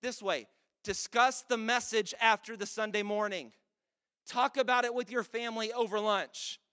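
A man's voice: high voice, fairly even intonation, moderate pace, sharp tone, smooth. A man in his thirties preaching a sermon as pastor, casual and conversational with joking asides.

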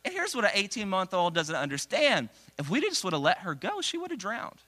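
Lively bright-voiced man preaching. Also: brisk. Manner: energetic, animated, acts out quotes with big pitch jumps. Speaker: pastor. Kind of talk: sermon.

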